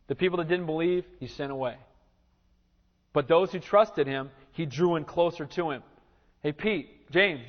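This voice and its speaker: Male pastor with a high voice, animated preaching, muffled lo-fi recording in a reverberant church. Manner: animated preaching, acts out Bible scenes. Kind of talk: sermon. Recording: reverberant church hall, dull lo-fi sound.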